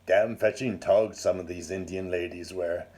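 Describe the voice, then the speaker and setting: A man's voice: sits low, steady tone, normal speed, dark tone, close to an everyday voice. A man voicing a bluff, lecherous aristocratic old lord who speaks in clipped, blustering phrases. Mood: blustery. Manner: clipped, blustering upper-class talk.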